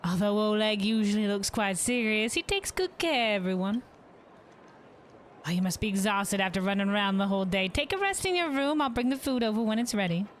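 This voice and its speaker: A woman's voice: mid-range voice, expressive, a little fast, a little hiss or hum, lightly acted. A woman streamer voicing a cheerful young woman who cooks at a hotel, reading game dialogue aloud in an eager, hospitable way. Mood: friendly. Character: cheerful young woman hotel cook, proud of her dishes.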